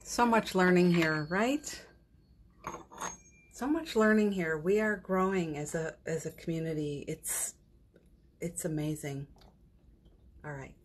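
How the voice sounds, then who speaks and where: A woman's voice: on the low side, slow pace, long pauses, a little hiss or hum. A woman hosting a daily live stream from her phone at home, chatting casually about spiritual matters, laughing often and trailing off mid-sentence.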